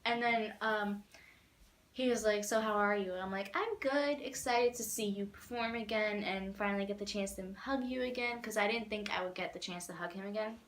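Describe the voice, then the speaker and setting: A woman's voice: mid-range voice, normal speed, roomy sound. Young woman rambling through a fan story. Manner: rambling, animated, many "like"s and laughs. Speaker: vlogger. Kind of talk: casual storytelling.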